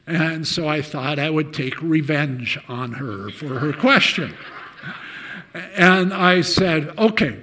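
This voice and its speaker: A man preaching a sermon, telling a story and loudly acting out the lines of the people in it. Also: a little high. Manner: storytelling, shouts out acted quotes.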